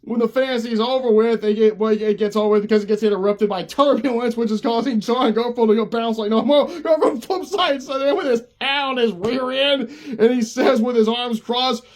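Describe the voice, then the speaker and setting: A man's voice: extremely high pitch, normal speed. A man casually recapping an old cartoon special, laughing often as he talks. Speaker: cartoon reviewer.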